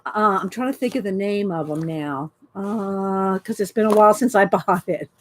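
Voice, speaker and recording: A woman's voice: medium pitch, normal speed. A woman chatting casually and enthusiastically at her craft desk, rambling about art supplies as she talks to her live viewers. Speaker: art journaling host.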